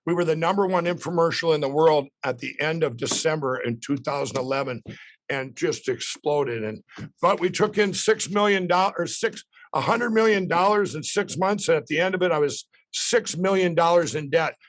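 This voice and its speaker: A man, telling a rambling, excited story as a podcast guest. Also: a little high, normal speed, no echo.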